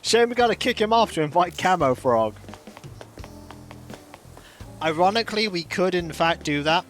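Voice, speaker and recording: Playful game streamer, lively pitch, soft game music under the talk. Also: moderate pace. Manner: playful, animated, drops to soft asides. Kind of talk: casual gameplay commentary.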